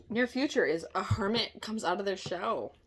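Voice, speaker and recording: Lively, chatty woman reading tarot. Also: mid-range voice, slight background noise. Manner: chatty, laughs often, apologizes and corrects herself mid-sentence. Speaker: tarot reader.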